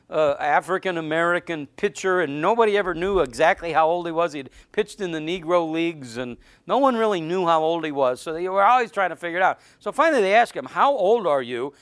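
A man's voice: high voice, fairly bright tone, dry recording. A middle-aged man preaching to his congregation in a conversational, joking way, with stammered restarts. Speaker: pastor. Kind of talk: sermon.

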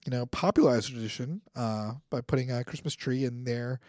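A man's voice: mid-range voice, a little fast, a little mellow, no echo, clean studio sound. A man hosting a casual podcast chat, reading out facts and joking between them with frequent laughter. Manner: laughs often, reads facts off then jokes. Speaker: podcast host.

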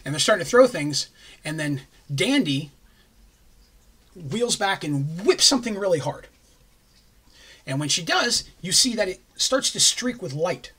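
A man casually retells a tabletop campaign, rambling and tossing in jokey asides. His voice is bright and forceful, with a husky edge and a pitch a little above average. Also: big pitch swings, a little slow, pauses often. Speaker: game master recapping a campaign.

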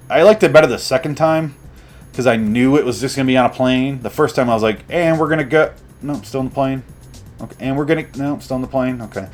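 Sarcastic profane young man reviewing a movie. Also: on the low side. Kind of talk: comedic movie review rant.

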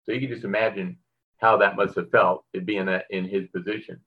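A man's voice: low-pitched, fairly even intonation, brisk, husky, muffled recording. A middle-aged man preaching a sermon, reading scripture and telling a personal story in a conversational way with fillers and frequent asides to the congregation. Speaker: pastor.

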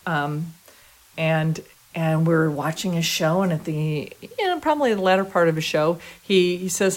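A middle-aged woman from Chicago, a tap dancer and guest, telling a story casually with excitement and acting out the people in it. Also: fairly low pitch, moderate pace. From Chicago, USA. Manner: excitable, animated, acts out the people in her story.

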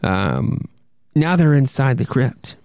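A man's voice: mid-range voice, big pitch swings, slow, creaky, a little mellow, dry recording, studio quality. A man hosting a podcast, describing comic panels in a casual, rambling way with wry asides and self-corrections. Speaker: podcast host. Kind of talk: casual comic commentary and read-aloud.

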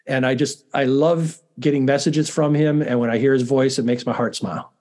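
A man's voice: medium pitch, fairly even intonation, fairly quick, a little mellow. A middle-aged man, a university dean, chatting as a guest in a casual interview, self-deprecating and often restarting his sentences.

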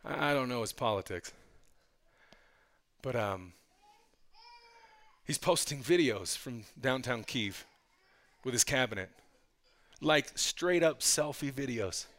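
A male pastor preaching a sermon in a conversational style, with casual asides to the congregation, swinging between hushed passages and loud, fervent ones. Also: mid-range voice, expressive, slow, pauses often.

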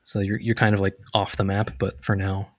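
A man narrating as game master of a tabletop game, relaxed and full of fillers. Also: fairly low pitch, brisk, dry recording, clean studio sound. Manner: relaxed, hesitant, lots of fillers.

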